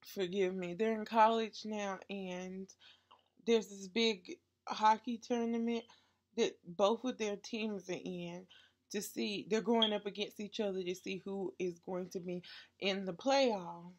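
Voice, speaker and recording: A woman's voice: mid-range voice, steady tone, takes it slowly. A woman with a stuffy nose chatting through a book review on her vlog, gushing about what she read.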